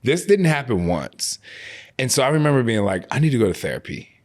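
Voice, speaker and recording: A man in his forties, a guest in an interview, talking openly and emotionally, slowing down and growing quiet on painful memories, with many casual fillers. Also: medium pitch, sing-song. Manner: emotional, open, slows on heavy moments. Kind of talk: candid interview conversation.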